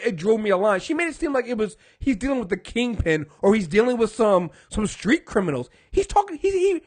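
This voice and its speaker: A man's voice: extremely high pitch, fairly quick, few pauses. A man co-hosting a casual podcast chat about a TV show, ranting and acting out quotes from the characters. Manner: animated, rants with acted-out quotes of characters. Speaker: podcast co-host.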